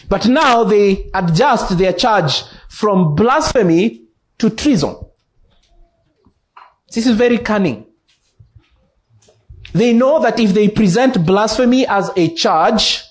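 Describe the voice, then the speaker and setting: Slow, high-voiced Kenyan preacher. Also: male voice. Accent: Kenyan English. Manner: slow, deliberate preaching with emphatic repetition. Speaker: pastor. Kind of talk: expository sermon. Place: church.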